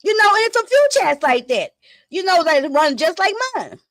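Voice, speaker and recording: A high-pitched woman, hosting a live stream in loose, animated chatter. She swears freely and retells online drama with dramatic flair. Her voice sounds close and dry, with little room around it. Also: normal speed, no echo. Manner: animated, profane, dramatic retelling with gasps and laughs. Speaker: YouTube commentary host. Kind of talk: casual live-stream commentary.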